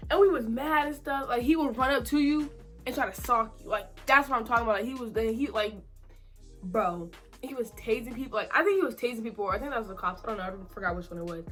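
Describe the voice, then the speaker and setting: A young adult woman telling a casual storytime, animated and slangy, repeating herself for emphasis. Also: a little high, fast talker, faint music behind. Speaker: vlogger.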